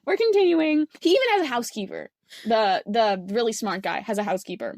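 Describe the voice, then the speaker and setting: A woman's voice: medium pitch, very animated, no room sound, studio quality. A woman co-hosting a podcast, casually recapping a film in a rambling way and acting out characters' lines. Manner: rambling, acts out lines in quick voices. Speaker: podcast co-host.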